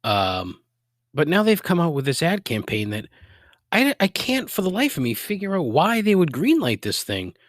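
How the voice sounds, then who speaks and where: A man's voice: on the high side, wildly swooping pitch, normal speed, no echo, studio quality. Profane Boston-accented man griping. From Boston area, USA. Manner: profane, exasperated griping with sarcastic asides. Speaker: podcast host. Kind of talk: solo podcast rant.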